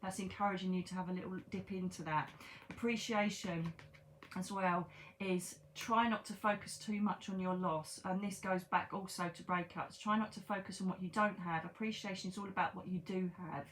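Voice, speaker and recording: A woman's voice: fairly low pitch, fairly even intonation, moderate pace, fairly bright tone, slight background noise. A woman, giving a chatty, reassuring tarot reading and repeating herself for emphasis. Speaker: psychic medium.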